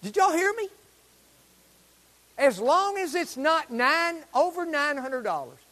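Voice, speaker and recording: Brief: preacher, man, very high and lively voice, exuberant sermon, long reverb of a church hall. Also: takes it slowly. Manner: exuberant, rising to loud proclamations. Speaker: pastor. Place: church sanctuary.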